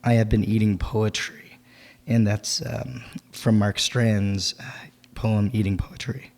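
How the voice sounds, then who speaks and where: A hoarse poet with a gravelly voice, pausing often between poems and reading them with more force at a festival event. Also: male voice, on the low side, little pitch movement. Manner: halting and filler-heavy between poems, fuller and more forceful when reading. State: hoarse from a lost voice. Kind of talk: spoken word poetry reading at a festival. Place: winery event venue, live reading.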